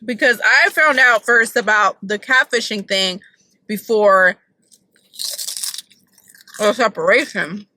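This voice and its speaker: A woman's voice: mid-range voice, takes it slowly, pauses often, sharp tone, a little hiss or hum, poor audio. A woman vlogging from her car, chatting casually and opinionatedly about celebrity gossip with lots of "like".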